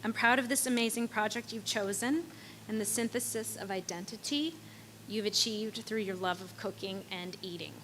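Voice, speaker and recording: A woman's voice: medium pitch, steady tone, normal speed, fairly bright tone, a little hiss or hum, low-quality recording. A woman reading a heartfelt, tender blessing to her child at a coming-of-age ceremony, as a prepared speech. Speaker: parent giving a blessing. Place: ceremony venue.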